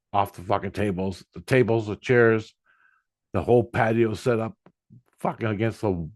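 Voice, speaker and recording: Recorded with no room sound, a fairly low, slightly mellow male voice belongs to a middle-aged spiritual vlogger. His personal tale of spiritual experiences meanders, swears often, and doesn't mince words.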